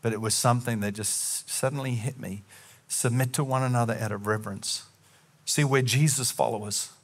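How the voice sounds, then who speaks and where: A man preaching a sermon as a pastor, talking earnestly and telling personal stories, and acting out remembered conversations in lively bits. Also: medium pitch, moderate pace. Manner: animated, acts out remembered conversations.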